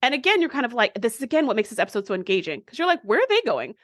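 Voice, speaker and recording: Animated woman recapping with acted-out lines. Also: on the high side, very fast, no room sound, studio quality. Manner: animated storyteller acting out characters' lines. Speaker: podcast co-host. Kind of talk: casual recap chat.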